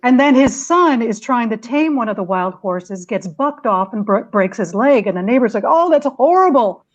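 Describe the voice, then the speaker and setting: A woman panelist telling a story with lively retelling over a video call. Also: a little high, moderate pace, muffled recording.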